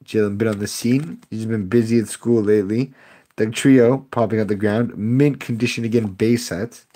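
A man's voice: fairly low pitch, steady tone, moderate pace, mellow. A young man live-streaming card pack openings, chatting with viewers, sarcastic and laughing often. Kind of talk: casual live-stream chat.

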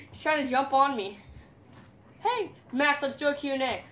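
High-voiced young woman teasing playfully. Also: moderate pace, fairly bright tone. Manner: playful, teasing trash talk. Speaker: vlogger. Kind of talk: casual home vlog. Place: house, indoors and outside.

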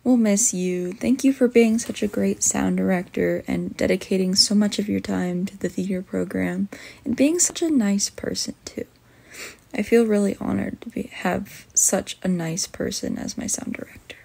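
A teenage girl recording a short, sincere farewell message, a little rushed. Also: medium pitch, vocal fry, dark tone, slightly rough.

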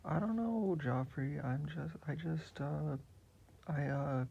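A man doing a frantic, squeaky potato hero. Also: animated, slow pace, creaky, mellow, husky, full character voice. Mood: defiant. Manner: flustered, stammering. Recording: muffled lo-fi recording with hiss.

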